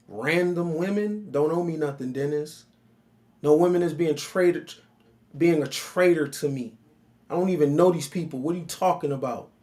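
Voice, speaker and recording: High-voiced man, blunt reaction host. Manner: blunt, emphatic, keeps addressing the other man by name. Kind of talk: casual reaction commentary.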